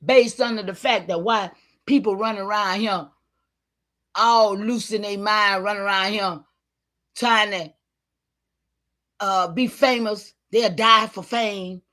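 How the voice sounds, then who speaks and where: A woman giving an impassioned, preachy livestream talk, calling out to her listeners and sometimes shouting in frustration. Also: medium pitch, fairly even intonation, slow pace, pauses often. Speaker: online community leader.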